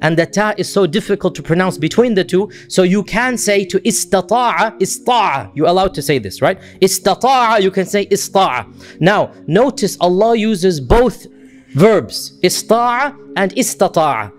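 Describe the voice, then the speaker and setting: A man's voice: high voice, animated, normal speed. A man lecturing on Quran commentary, patiently explaining Arabic words and checking in with his listeners. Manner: shifts into chanted Arabic verse recitation. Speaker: Islamic lecturer.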